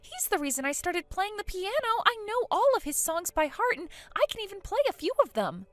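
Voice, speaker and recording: Woman doing a chatty teen girl, high bouncy voice, gossipy. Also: very animated, fairly quick, a bit bright, no room sound, heavily acted. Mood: upset. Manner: breathless, gossipy, eager. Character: teenage granddaughter, excited and chatty.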